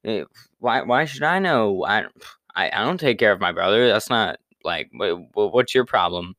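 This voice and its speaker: A man's voice: fairly low pitch, expressive, moderate pace, a bit bright, no room sound, studio quality. A man voicing Cain as a whiny, defensive man who stammers his excuses in a casual Bible retelling. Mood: defensive whine.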